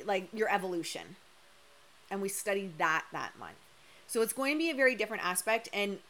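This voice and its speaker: A woman's voice: mid-range voice, pushed and bright. A young woman coach giving a candid, emphatic live-stream talk that has casual swearing, her voice slightly worn as she loses it. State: losing her voice. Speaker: human design coach.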